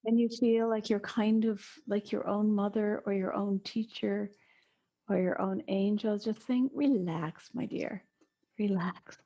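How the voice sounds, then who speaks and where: A middle-aged woman guides a movement lesson in a small room, unhurried and soothing. Her voice is mellow and dark, with a gravelly edge. Now and then she drops into soft breathy asides. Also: medium pitch, level tone. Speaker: eurythmy teacher.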